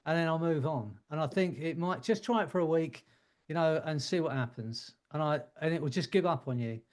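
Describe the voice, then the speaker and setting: Man, fairly high voice, casual coaching, joking and laughing, group video call. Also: fairly quick. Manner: warm joking advice, laughs often.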